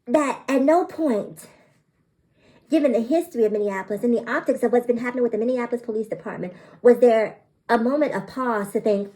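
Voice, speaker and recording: A woman vlogger talking straight to camera in an animated, incredulous way, repeating phrases for emphasis and laughing in disbelief. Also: a little high, fairly quick, poor audio. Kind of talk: direct-to-camera commentary.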